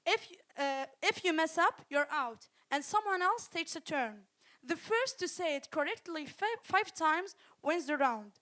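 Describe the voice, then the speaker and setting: A woman with a high voice hosts a school game and lays out its rules for the students. She speaks at an unhurried pace and says each tongue twister slowly and distinctly. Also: animated, sharp tone. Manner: slow, carefully enunciated tongue twisters. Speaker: quiz host at a school reading event.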